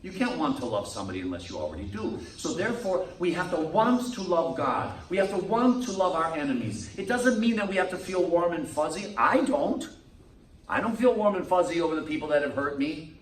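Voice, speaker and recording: A priest preaches with a lively, swooping delivery and a fairly high voice. He sounds set back from the mic, and the room around him echoes, with a faint hum underneath. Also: a little fast, recorded from a distance. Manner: lively preaching, acts out quoted people. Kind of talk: sermon. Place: meeting room.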